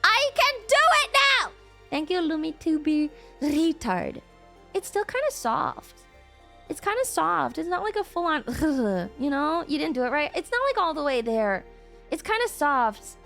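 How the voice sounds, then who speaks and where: A woman's voice: high voice, very animated, measured pace, vocal fry. A young woman streamer chatting casually with her viewers, playful and laughing often. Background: music.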